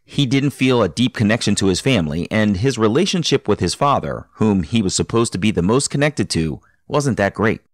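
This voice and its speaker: Measured man narrating a podcast. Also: fairly low pitch, animated, dry recording, clean studio sound. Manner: measured, explanatory. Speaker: podcast host. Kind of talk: scripted narration and interviewing.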